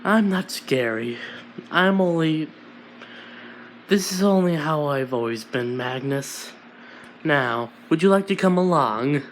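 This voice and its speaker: A man voicing a calm, menacing young male villain boss, making his voice deeper and speaking slowly. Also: slight background noise. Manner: deepened, slow and soft-spoken.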